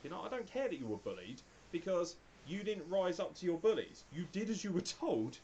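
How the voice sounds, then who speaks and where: A man's voice: sits high, sing-song, a little fast, darkish tone, lo-fi sound, a little hiss or hum. A young man co-hosting a wrestling review, opinionated and swearing freely in casual chat. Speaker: wrestling podcast co-host.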